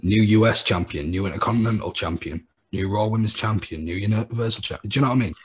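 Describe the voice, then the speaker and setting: A man co-hosting a wrestling podcast, making blunt, sweary, deadpan predictions in casual chat. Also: on the low side, fast talker, husky. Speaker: podcast co-host.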